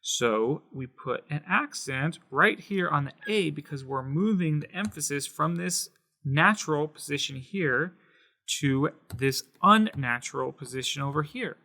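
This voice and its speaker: A man explaining Spanish accent marks in a patient whiteboard lesson, slowing down to stress syllables. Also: on the high side, expressive, pushed and bright. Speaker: Spanish teacher.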